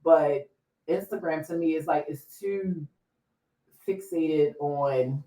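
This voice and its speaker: A woman in her forties hosting a podcast in loose, swearing, laughing casual chat. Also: takes it slowly. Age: 40s. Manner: loud, laughing, swearing, goes high and theatrical when mocking. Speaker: podcast host. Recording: echoey room, voice far from the mic.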